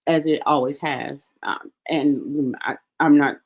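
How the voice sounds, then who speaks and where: A woman teaching a relaxed Bible reading, explaining Hebrew words and names step by step, with frequent restarts and small asides. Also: sits low, slow.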